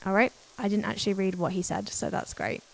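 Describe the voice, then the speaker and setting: Giggly, gravelly woman streamer. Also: medium pitch, steady tone, fairly quick. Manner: chatty, giggly, reads chat aloud. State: voice a bit worn. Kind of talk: casual gameplay stream chat.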